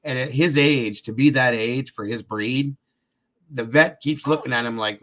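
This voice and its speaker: A man's voice: medium pitch, moderate pace, fairly bright tone, highs cut off. A man hosting a live true-crime show, telling a long personal story in a casual, rambling way, repeating himself and speaking to his viewers. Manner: speaks directly to viewers in chat.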